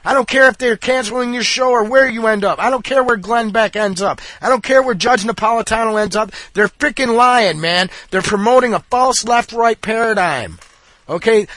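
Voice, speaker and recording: A man with a high voice rants angrily, blunt and repetitive, swearing as he goes. His voice sounds dry and close to the mic, with no room around it. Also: fairly quick, fairly bright tone, no room sound. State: angry. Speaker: political commentator. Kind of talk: angry monologue.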